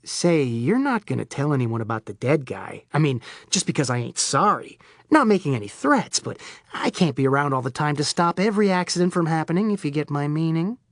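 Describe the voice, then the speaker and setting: A woman's voice: low voice, very animated, a little fast, dry recording, voice pushed down. An irreverent, rambling man with wild theatrical swings in his voice, as a woman reads him in an audiobook. He sounds close and dry, with no room around him. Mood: quietly menacing. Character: manic wisecracking male Florida oddball. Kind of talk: audiobook character voice.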